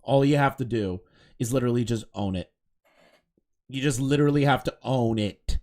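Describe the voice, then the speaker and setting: A man's voice: mid-range voice, moderate pace, darkish tone. A man doing casual live commentary on clips, talking in a heated, profane and mocking way. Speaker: commentary streamer.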